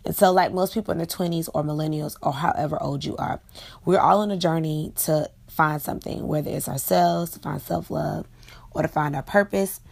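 Low, gravelly-voiced woman podcast host. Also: brisk, darkish tone. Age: 20s. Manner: earnest, personal and conversational. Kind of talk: reflective solo podcast talk.

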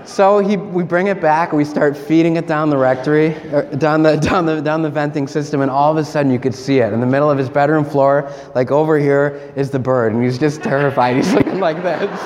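A male priest telling a chatty, animated story in a homily in church, while he is sick. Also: a little high, fairly quick, hardly any pauses, background noise. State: sick with a cold. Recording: church hall reverb, faint ambience.

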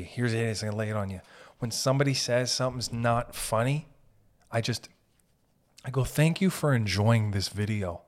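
A man hosting a podcast, talking in a rambling, profane, comedic monologue that keeps breaking off mid-sentence. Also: lowish voice. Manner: rambling, profane, self-interrupting, mock voices. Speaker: podcast host.

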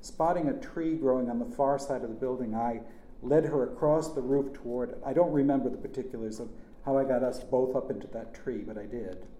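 A man's voice: mid-range voice, fairly quick, dark tone, a little hiss or hum. A man narrating a first-person story in a plain, earnest manner. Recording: echoey room.

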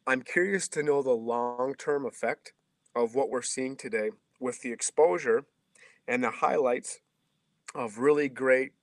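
A man's voice: mid-range voice, measured pace, no echo. A man in his thirties, a pastor guest on a podcast interview, giving earnest, reflective answers with a preacher-like cadence. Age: 30s.

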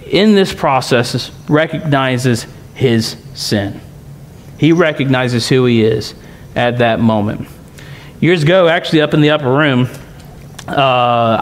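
A man, a student pastor, preaching a sermon in a church, slowing down to stress key words. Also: on the high side, a little hiss or hum. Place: church sanctuary. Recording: long church reverb.

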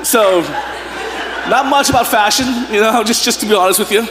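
A man's voice: sits high, normal speed. A man in his thirties preaching a sermon as pastor, telling casual, joking stories and often breaking into laughter. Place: church sanctuary. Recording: echoey church hall with faint room noise.

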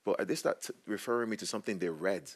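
A man's voice: fairly low pitch, quick pace. A man speaking as a panel guest, telling stories with passion, his voice rising as he gets heated. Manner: animated, emphatic, voice rising when heated. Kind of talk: passionate conversational storytelling.

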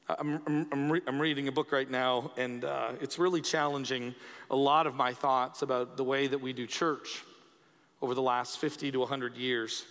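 Male pastor, high voice, conversational sermon delivery with repeated emphasis; long hall reverb. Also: fairly bright tone.

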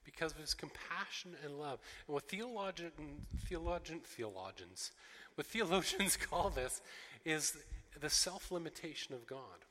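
A man preaching a sermon as pastor, expressive, acting out the voices of the people in the story, with frequent restarts. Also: a little high, measured pace. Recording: long reverb of a large hall.

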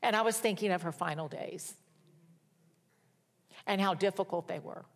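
A woman's voice: fairly low pitch, moderate pace, creaky. An older woman preaching a sermon in a conversational, folksy storytelling manner with wry humor. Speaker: pastor.

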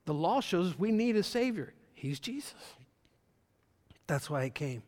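A male pastor preaches with a somewhat high voice that swells loud for emphasis and then falls back to a quiet murmur. His sermon rings out through a large hall with long reverb trailing each phrase. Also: big pitch swings, measured pace.

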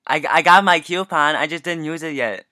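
Bright-voiced young guy, playful chatter. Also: on the high side, a little fast, dry recording, studio quality. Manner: playful, jokey storytelling. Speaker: podcast co-host. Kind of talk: casual chat.

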